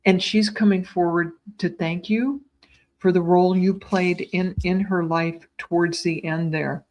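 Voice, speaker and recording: A woman giving live psychic readings, speaking in a tender, soothing way with gentle repetitions and small stumbles, calling viewers sweetheart. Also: on the low side, steady tone, a little slow, slight background noise. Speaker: psychic medium.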